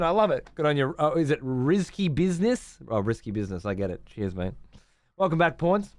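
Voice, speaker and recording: A man's voice: on the high side, lively intonation, a little fast, no room sound. A man with an Australian accent, hosting a stream in casual, profane chat and laughing often. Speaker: streamer host.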